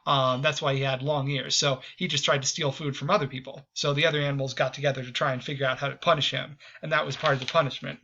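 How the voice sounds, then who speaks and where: Bright-voiced man giving a casual lecture. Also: mid-range voice, little pitch movement, fast, few pauses, highs cut off, a little hiss or hum. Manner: hesitant, many ums and restarts. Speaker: history video host.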